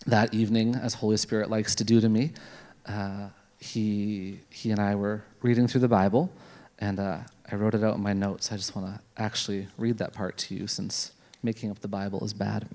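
A man from Canada, preaching a sermon as a lively comic storyteller who acts out his inner dialogue. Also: fairly low pitch, normal speed.

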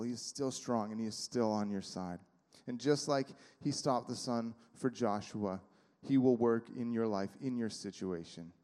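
A pastor preaches a sermon in a church sanctuary, talking conversationally with lots of fillers and acting out little quotes. His medium-pitched voice is warm, and the hall is reverberant.

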